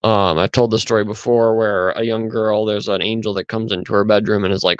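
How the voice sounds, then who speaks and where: A man's voice: lowish voice, fairly even intonation, a little fast, smooth, no echo, dull audio. A man hosting a podcast, talking through stories in a rambling, conversational monologue. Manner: conversational, rambling, with fillers and restarts. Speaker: podcast host. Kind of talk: casual storytelling monologue.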